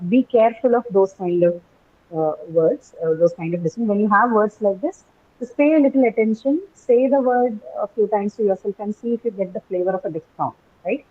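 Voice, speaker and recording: A woman teaching an English phonetics class, explaining step by step with many ums and rights. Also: mid-range voice. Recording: muffled lo-fi audio.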